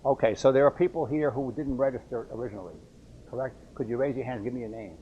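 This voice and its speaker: A man teaching a university course who takes roll in a classroom lab, with halting speech and repeated words as he checks how names are said. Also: medium pitch, phone-quality sound, a little hiss or hum. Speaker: university instructor. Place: classroom laboratory.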